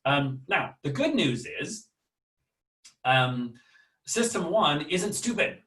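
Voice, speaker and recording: A man's voice: on the high side, very animated, takes it slowly, bright, forceful tone, recorded from a distance. A man with an American accent giving an online lecture in a casual way, with many fillers and restarts, and putting questions to his audience. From United States. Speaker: webinar lecturer. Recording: roomy sound, voice a bit off-mic.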